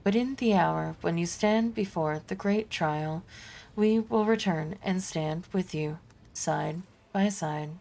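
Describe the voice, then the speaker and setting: A cold, ancient machine spirit, read aloud by a woman speaks in a slow, solemn cadence. The voice sits a little low and moves with deliberate weight, every phrase measured. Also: creaky, darkish tone.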